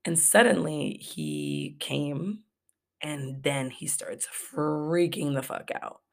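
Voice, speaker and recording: A woman's voice: deep voice, takes it slowly, creaky. A young woman from Los Angeles hosting a podcast, telling a travel story in a candid, profane, casual way. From Los Angeles, USA. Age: young adult. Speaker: podcast host. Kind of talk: casual story-time monologue.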